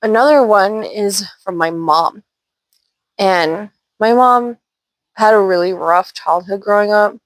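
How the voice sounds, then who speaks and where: A woman's voice: medium pitch, slow pace, no room sound. A woman from Washington State, hosting her channel and casually telling paranormal stories with loose, chatty asides. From Washington State, USA. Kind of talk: casual storytelling.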